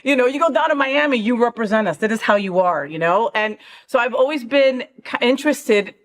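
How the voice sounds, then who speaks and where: A woman's voice: fairly high pitch, lively intonation, fairly quick. A woman hosting an interview, chatty and gushing, swearing casually as she talks. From Puerto Rican and Colombian heritage. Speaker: host.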